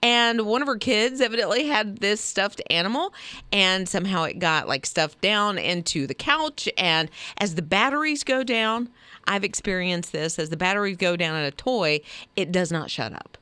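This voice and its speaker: A woman co-hosts a morning radio show and tells stories with plenty of animation, even making her own sound effects. Her pitch rises and falls freely. She is recorded dry and close on a studio mic. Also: moderate pace, clear, resonant tone, no room sound. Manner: animated storyteller who makes sound effects. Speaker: radio co-host.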